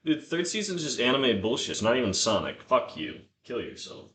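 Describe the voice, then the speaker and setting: A man's voice: medium pitch, big pitch swings, fairly quick, fairly bright tone, a little hiss or hum. A man live-streaming as he cooks in his home kitchen, drinking beer, rambling with lots of swearing and chatting to his dog. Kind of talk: casual live-stream chat while cooking. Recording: roomy kitchen, mic from afar.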